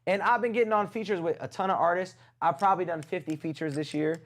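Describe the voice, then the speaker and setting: A man's voice: high-pitched, fairly even intonation, fast talker, a bit bright. A man hosting a casual music review livestream, teasing his chat in playful banter.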